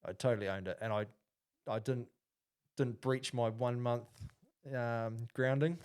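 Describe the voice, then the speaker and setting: A man's voice: medium pitch, fairly even intonation, a little slow, a little mellow, smooth. A man, co-hosting a casual podcast and telling a story with lots of fillers and restarts. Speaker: podcast co-host.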